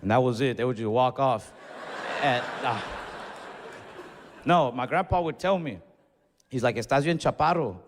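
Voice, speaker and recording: A man's voice: mid-range voice, a little slow, long pauses, background noise. A man telling a stand-up story on stage, acting out the people in it and laughing as he goes. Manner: animated, acts out other people in dialogue, laughs mid-story. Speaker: stand-up comedian. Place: comedy stage in a hall. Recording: live hall reverb, faint ambience.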